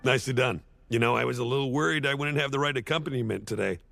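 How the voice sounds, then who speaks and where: A man's voice: medium pitch, rapid-fire, gravelly, music in the background, close to an everyday voice. A man playing a sardonic, washed-up male horse actor who rambles through a eulogy with awkward, sarcastic jokes. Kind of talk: comedic eulogy monologue.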